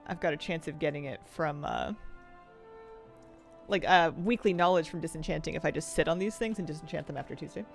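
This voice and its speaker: Woman, game streamer, casual rambling chat, fairly low voice, some vocal fry. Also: animated, a little fast, faint music behind. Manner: chatty and rambling, thinks aloud, laughs easily. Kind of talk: casual live-stream chat while gaming.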